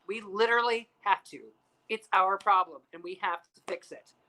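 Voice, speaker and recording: A man with a bright, forceful voice hosts a loose chat show, spinning campy stories with plenty of profanity. He acts out the people in his anecdotes with lively quoted voices. The talk runs loose and conversational. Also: sits high, normal speed, poor audio. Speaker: host. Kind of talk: casual chat show storytelling. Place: piano bar.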